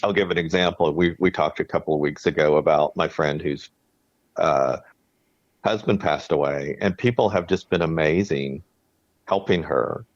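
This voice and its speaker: A man's voice: rumbling low, normal speed, dry recording. A man co-hosting a podcast, talking in an earnest, reflective way and often restarting his sentences. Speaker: podcast co-host. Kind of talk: casual chat. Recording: dry, dull lo-fi sound.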